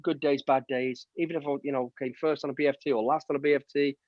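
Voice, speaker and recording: A man's voice: medium pitch, fairly even intonation, quick pace, no room sound. A man telling army stories on a video call through earbuds, acting out the voices in his anecdotes with casual swearing. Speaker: guest, ex-soldier. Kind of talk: storytelling interview on a video call. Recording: dull, dry video-call audio.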